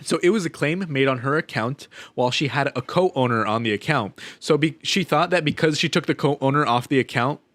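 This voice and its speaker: A young man co-hosting a casual podcast, telling profane, animated stories about annoying customers. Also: medium pitch, fairly quick, few pauses, no room sound. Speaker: podcast co-host. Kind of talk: casual chat, storytelling.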